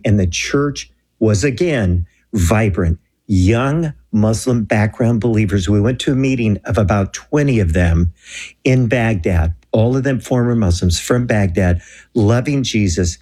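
Husky earnest male storyteller. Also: lowish voice. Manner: earnest, animated storyteller acting out dialogue. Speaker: guest telling a mission story. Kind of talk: Christian talk show storytelling.

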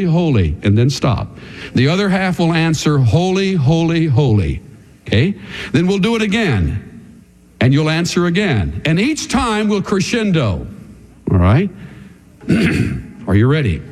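A man preaching a sermon to his congregation in an animated, dramatic way. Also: fairly high pitch, unhurried, long pauses. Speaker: pastor.

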